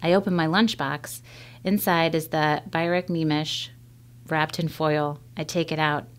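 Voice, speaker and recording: A woman reading a children's novel aloud in a measured first-person storytelling manner. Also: low voice, fairly even intonation, clear, resonant tone. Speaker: reader.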